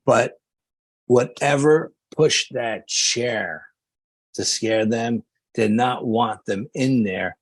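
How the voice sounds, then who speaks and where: A man guest on a podcast, telling a paranormal investigation story in a casual, lively way with slangy fillers. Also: medium pitch, very slow, dry recording.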